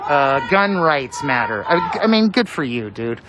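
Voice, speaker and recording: Lively, low-voiced woman streamer who mocks people; phone audio with loud crowd noise. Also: unhurried. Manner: sarcastic, profane taunting. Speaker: livestreamer. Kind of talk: live street stream commentary. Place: city street at a protest, outdoors.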